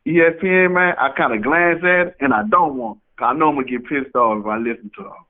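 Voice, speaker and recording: A man's voice: fairly high pitch, quick pace. A man chatting casually about sports as a co-host on a call, rambling and agreeable. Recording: tinny phone line.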